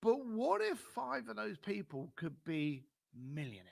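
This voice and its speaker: A middle-aged man with a London accent, a podcast guest telling his life story in an animated way and acting out other people's lines. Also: high-pitched, a little slow, vocal fry, no echo, clean studio sound. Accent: London English. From London, England.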